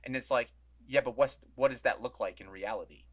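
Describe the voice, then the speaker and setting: A man's voice: medium pitch, fairly quick. A man on a podcast as a guest, ranting heatedly in casual chat and swearing often.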